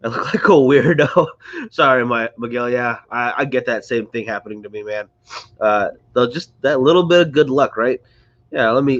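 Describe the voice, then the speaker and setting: A fairly bright, medium-pitched male host greets viewers and chats loosely on a livestream, clearly stuffy and under the weather. The dull-sounding audio was recorded close to a phone or screen.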